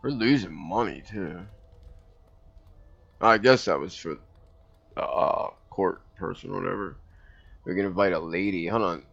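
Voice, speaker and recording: Deep gravelly man, laid-back game commentary. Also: unhurried, long pauses, a bit bright, muffled recording. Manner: laid-back, thinks aloud, reads game text. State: hiccuping. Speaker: gameplay commentator. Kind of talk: casual let's-play commentary.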